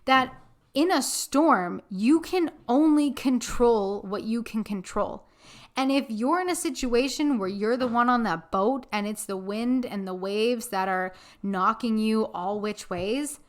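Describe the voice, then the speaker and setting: A young woman hosting a spiritual podcast, telling a story in an earnest, animated way with casual fillers. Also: a little high, slow pace. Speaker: podcast host.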